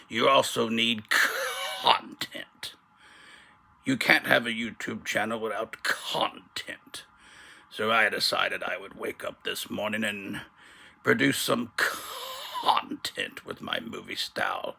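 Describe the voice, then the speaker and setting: A man's voice: fairly low pitch, sing-song, slow pace, creaky, bright, forceful tone, breathy edge. A man hosting a casual comedic vlog from his bedroom, rambling through a story, mocking himself and laughing at his own jokes. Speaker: channel host.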